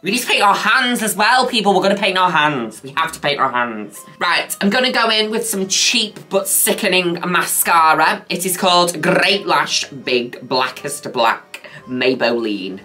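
A woman chatting casually through a makeup tutorial, camp and playful, often dropping a flat, low "people" at the end of her lines. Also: a little slow, hardly any pauses, soft background music. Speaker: makeup vlogger.

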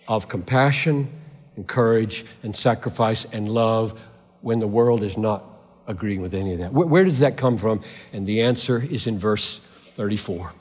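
A man's voice: on the low side, normal speed, darkish tone, husky. Impassioned male preacher in a reverberant hall. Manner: impassioned, emphatic preaching with repeated rhetorical questions. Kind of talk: sermon.

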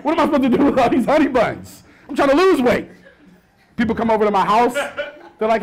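A man in his thirties working a stand-up set, his voice sitting high and leaping all over the place. He drops into low muttered asides, then bursts out loud. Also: brisk. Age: 30s. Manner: animated, swings between mumbled asides and loud outbursts. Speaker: stand-up comedian.

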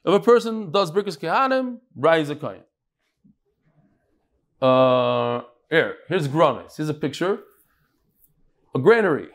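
A man teaching a daily Talmud class in a study hall, his voice sitting a little high and swinging up and down with lots of life. He jokes with the room and drops Hebrew and Aramaic terms in between the English. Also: measured pace, pauses often. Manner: lively, joking, mixes Hebrew and Aramaic terms. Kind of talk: live daily Talmud lecture.

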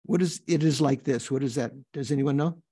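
An older man teaching a class on a Buddhist text, reading passages aloud and explaining them in a thoughtful, halting way, with questions to his students. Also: medium pitch, dark tone, breathy edge.

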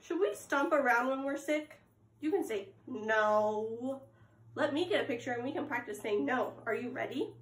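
A young adult woman teaching preschoolers at circle time, reading aloud and prompting them with gasps and questions. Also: high-pitched. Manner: slow, sing-song, exaggerated gasps and prompts to children. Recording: echoey room.

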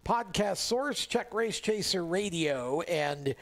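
Guy hosting a racing radio show, kinda high voice, lots of um and uh, laid back studio chat. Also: slow. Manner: relaxed, chatty, many fillers and restarts. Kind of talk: casual motorsport radio talk.

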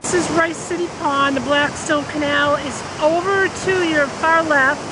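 Woman vlogger, chatty and easily excited, fairly high voice, traffic noise behind her outdoors. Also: a little slow. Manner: excitable, exclaims often. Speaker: nature vlogger. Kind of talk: casual outdoor vlog narration. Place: outdoors by a river and roadside.

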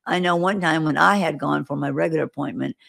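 Deep, gravelly, and fairly bright in tone, this woman talks fast as a guest prophetic minister on an interview show. She tells her visions and stories earnestly and vividly, with acted-out quotes.

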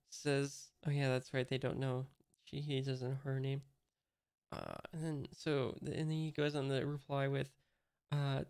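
A man's voice: mid-range voice, level tone, normal speed, creaky, darkish tone, clean tone, no echo, clean studio sound. A man casually reading a comic aloud, hesitantly describing each panel as he figures it out. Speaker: host reading a manga aloud. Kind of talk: casual read-along commentary.

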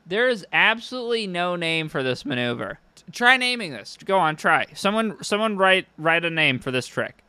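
A man's voice: high voice, big pitch swings, normal speed, hardly any pauses, bright, forceful tone, clear, resonant tone, no room sound. A young man streaming, giving casual commentary that is profane, sardonic and rambling.

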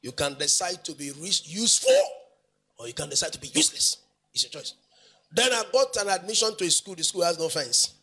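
A Nigerian male pastor preaches a sermon emphatically in a sing-song manner, repeating phrases and posing questions to the congregation. His voice is on the high side, fast, pushed and bright, with a husky quality.

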